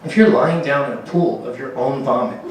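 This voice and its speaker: A man's voice: mid-range voice, a little fast, slight background noise. A man doing a rambling, profane stand-up comedy set on a comedy club stage, laughing at his own jokes. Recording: very echoey room, distant mic, faint ambience.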